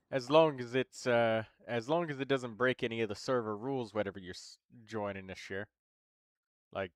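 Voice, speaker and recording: A man hosting a game livestream in relaxed, rambling casual chat, with many fillers. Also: fairly low pitch, clear, resonant tone, no echo, studio quality. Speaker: livestream host. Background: game music.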